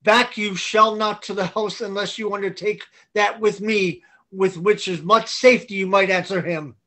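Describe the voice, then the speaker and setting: A man's voice: high-pitched, steady tone, moderate pace, pushed and bright. A man reading a boisterous, scheming knight in a Zoom play reading, with a blustering, persuasive delivery. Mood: bold. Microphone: video call.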